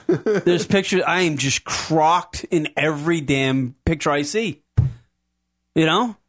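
A podcast co-host tells a profane, rambling story in casual chat, laughing often. His voice is fairly high and fairly bright, and he speaks slowly, with faint music behind him.

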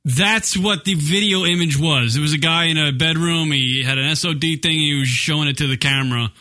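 A man's voice: on the high side, fairly quick, bright, forceful tone. A man co-hosting an internet radio show in casual banter, swearing freely and asking incredulous questions. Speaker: co-host.

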